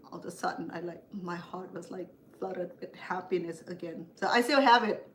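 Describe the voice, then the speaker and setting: Cooking for her show, an older woman host rambles chattily through family stories, doing impressions of her relatives. Her lowish voice moves at a normal speed with few pauses, and there's slight background noise.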